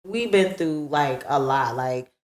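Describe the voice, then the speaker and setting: A woman's voice: low-pitched, animated, slow pace. A woman hosting a podcast, chatting expressively, swearing casually and laughing while she talks. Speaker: podcast host. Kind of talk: casual chat. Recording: echoey room.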